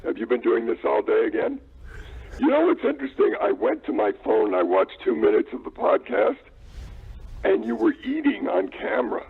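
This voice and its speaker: A man calling in on the phone, needling the hosts with gruff complaints in casual comedic banter. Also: high voice, huge pitch swings, normal speed. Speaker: phone-in guest. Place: phone call. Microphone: telephone. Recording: tinny phone line.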